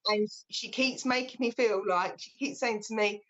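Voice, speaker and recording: A British woman working as a medium, giving a live reading in a gentle, reassuring way that often restarts mid-sentence. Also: medium pitch, a little slow. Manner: gentle and reassuring, relays messages with frequent restarts. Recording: slightly dull lo-fi sound.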